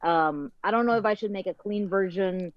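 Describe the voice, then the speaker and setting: A woman's voice: mid-range voice, moderate pace, muffled recording. A woman guest on a podcast, a content creator chatting candidly and casually, cursing now and then. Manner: candid, casual, swears freely. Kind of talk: casual chat.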